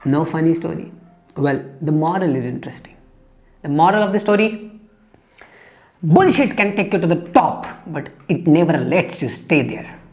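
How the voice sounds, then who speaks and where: A man's voice: on the high side, expressive, normal speed, pauses often, faint music behind. A man giving an earnest, emphatic motivational talk, telling a fable to make his point. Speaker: motivational speaker.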